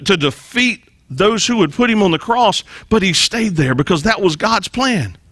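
Bright, high-voiced man preaching a sermon. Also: no room sound. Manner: emphatic preaching, repeats key phrases, leads congregation responses; frequent restarts and repeated words. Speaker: pastor. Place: church.

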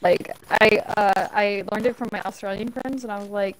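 A woman's voice: medium pitch, fairly even intonation, normal speed, slight background noise, poor audio. A young adult woman streaming a game, chatting casually in a giggly, rambling way and swearing freely. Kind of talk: casual gaming chat.

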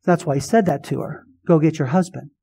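A man with a high voice preaches a sermon as a pastor. He presses his points hard and keeps putting questions to his listeners. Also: brisk, gravelly, mellow, slightly rough. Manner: emphatic preaching with rhetorical questions.

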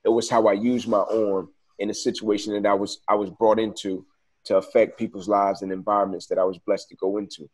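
A man's voice: lowish voice, little pitch movement, a little fast, husky. A man telling his story as an interview guest, earnest and reflective, often saying "man" and "like".

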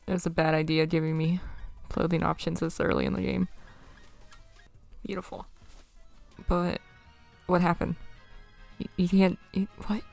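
A woman's voice: on the low side, level tone, normal speed, vocal fry, pauses often, darkish tone, soft background music. A young woman chatting casually as she plays a game, with wry running reactions to what she sees. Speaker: let's play gamer. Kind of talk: casual gameplay commentary.

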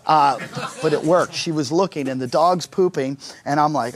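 A man's voice: on the high side, normal speed. Crude, wry male stand-up comedian. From United States. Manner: crude, self-mocking storytelling with acted-out quotes. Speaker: stand-up comedian and show host. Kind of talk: stand-up routine mixed with casual vlog tour.

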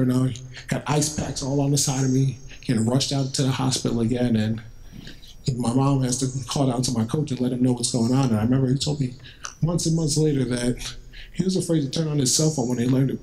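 A man talking to a room of students, his voice sitting at an everyday middle pitch. He tells his story in a relaxed, conversational way and brings remembered exchanges to life. A faint hiss runs under the recording. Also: low-quality recording. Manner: conversational, vivid, acts out remembered dialogue. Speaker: guest speaker at a school. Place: school, indoors.

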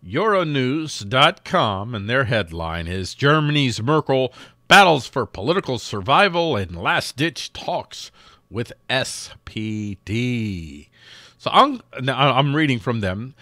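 A man hosting an offhand news commentary show with a sarcastic edge. His pitch swings widely and his tone is bright and pushed forward. The sound is close and dry, with no room around it. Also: big pitch swings, slow pace, no room sound. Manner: sarcastic, mocks quoted figures in silly put-on voices. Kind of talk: casual political news commentary.

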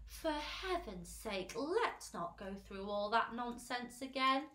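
A woman plays a gloomy, fretful male earthworm from a storybook. He complains in a high, worried voice. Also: animated, slow pace, pushed and bright, reverberant, full character voice.

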